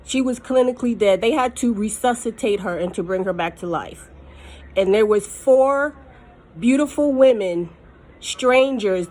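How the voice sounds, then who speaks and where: A woman in an angry, emphatic vlog rant, holding back tears as she talks to her viewers. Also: mid-range voice. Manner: furious, emphatic, repeating herself. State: close to tears. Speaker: mukbang vlogger.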